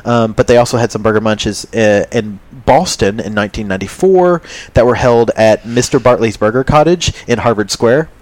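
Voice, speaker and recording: Male podcast co-host, casual and rambling, quick jokes, plenty of ums. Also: lowish voice, darkish tone, no echo. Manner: rambling, jokey, many ums. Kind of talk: casual chat.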